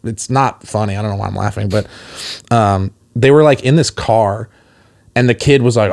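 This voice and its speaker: A man's voice: on the low side, a little fast, a little mellow. A man on a casual podcast, co-hosting and telling a long rambling story, often laughing between his words. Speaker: podcast co-host. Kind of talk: casual chat.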